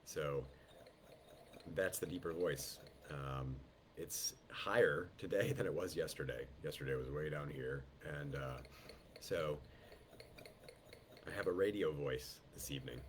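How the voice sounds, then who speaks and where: A man hosting a live online wine tasting over a video call, his voice thickened by a head cold. He talks in an unhurried, descriptive way and greets guests by name. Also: very deep voice, slight background noise. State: head cold, voice lowered in the throat.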